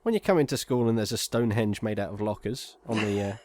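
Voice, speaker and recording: A man, co-hosting a podcast, chatting casually with halting restarts. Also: on the low side, darkish tone. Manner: halting, stumbling restarts, laughs into lines. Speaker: podcast co-host. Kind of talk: casual chat. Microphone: remote call mic.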